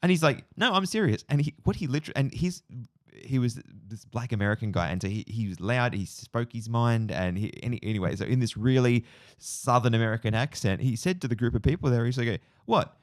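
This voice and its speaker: Brisk and darkish in tone, his medium-pitched voice carries a long, rambling story as a podcast co-host. He's an Australian man in his forties, reflective and heavy on fillers in casual chat, recorded at studio quality without echo.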